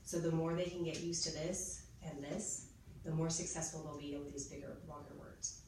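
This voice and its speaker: A woman's voice: low-pitched, steady tone, moderate pace. A woman in her thirties training teachers, chatty and explaining step by step as she models spelling drills. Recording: echoey room, mic far off, noisy.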